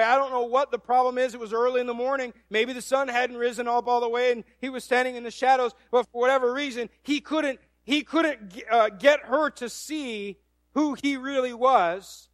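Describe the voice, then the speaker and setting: A man's voice: extremely high pitch, a bit bright, no room sound. A male preacher giving a sermon, telling the story animatedly and acting out quoted voices, with frequent restarts.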